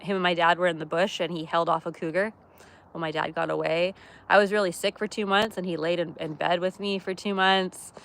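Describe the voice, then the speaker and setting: A woman hosting a casual livestream from her camper van, chatty and quick to laugh as she talks with viewers. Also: on the low side, steady tone, creaky, fairly bright tone. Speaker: livestream host. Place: camper van by a wood stove.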